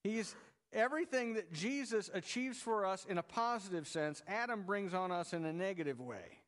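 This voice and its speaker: A pastor preaching to his congregation in a loose, conversational way, tossing in jokes as he goes. His voice sits a little high for a man. The sound carries a long reverb from a church sanctuary. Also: lively intonation, normal speed, fairly bright tone. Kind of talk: sermon.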